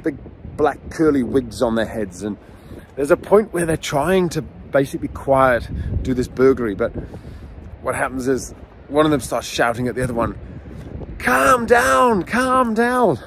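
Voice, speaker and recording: A middle-aged man, a dog trainer, teaching outdoors near a beach in a casual, animated storytelling way. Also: mid-range voice, normal speed, slight background noise. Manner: animated storyteller, acts out scenes. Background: faint outdoor ambience with waves.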